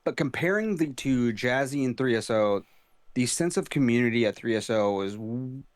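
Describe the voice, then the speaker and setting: A man's voice: mid-range voice, animated, normal speed, no room sound. Rowdy, laid-back podcast man. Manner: rowdy, laid-back and profane, chiming in with reactions. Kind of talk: casual podcast chat.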